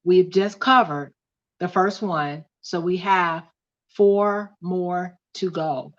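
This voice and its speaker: A woman's voice: lowish voice, slow pace. Woman teaching a livestream, lo-fi sound. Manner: teaching, repeats key points, reads chat comments aloud. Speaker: host of a couples study livestream. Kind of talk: casual teaching livestream, reading aloud from a book.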